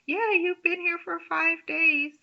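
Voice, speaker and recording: A woman's voice: very high-pitched, fairly even intonation, a little slow, vocal fry, highs cut off, pitched above the performer's own voice, exaggerated voice. A woman voicing a kindly female nurse who speaks in a sweet, coddling way. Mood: soothing.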